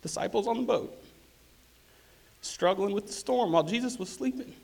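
A man's voice: sits high, gravelly, a little mellow. Earnest man sharing a church testimony. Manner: earnest, halting with fillers and restarts. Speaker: church member giving testimony.

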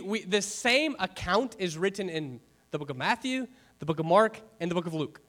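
A high-voiced man preaches to his congregation in a church. He talks in a loose, conversational way and keeps the room involved with rhetorical questions. He drops joking asides as he goes. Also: fairly bright tone. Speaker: pastor. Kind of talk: sermon.

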